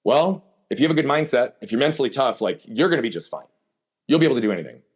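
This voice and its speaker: A man's voice: medium pitch, big pitch swings, rapid-fire, husky. A man as an interview guest, telling his story candidly and emphatically and asking himself rhetorical questions. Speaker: podcast guest.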